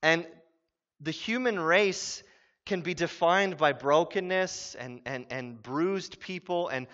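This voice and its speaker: A man in his thirties preaching a sermon as pastor, telling stories with quick voiced asides. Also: fairly high pitch, a bit bright. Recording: muffled sound in a reverberant hall.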